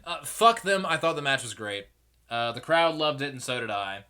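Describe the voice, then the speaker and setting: A man's voice: medium pitch, expressive, moderate pace, sharp tone, clear, resonant tone. A young man hosting a solo podcast, giving rambling, opinionated commentary and swearing freely. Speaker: podcast host.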